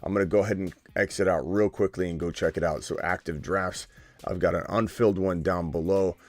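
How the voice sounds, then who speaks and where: A man hosting a live stream, joking and excitable as he talks through his picks, sometimes dropping to a hushed whisper. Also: sits low, fairly quick, no echo. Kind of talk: casual live-stream commentary.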